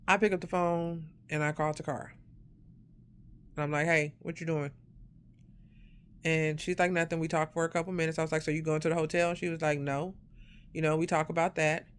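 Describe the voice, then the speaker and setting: A woman telling a personal story in a casual storytime monologue, acting out the quoted voices and growing loud and sharp when indignant. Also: low-pitched, flat delivery, a little fast, long pauses, clean tone.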